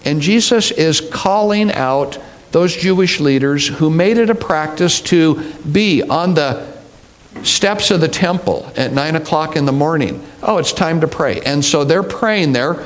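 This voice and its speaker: Slow, deliberate preaching man. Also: on the high side. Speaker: pastor. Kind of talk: sermon.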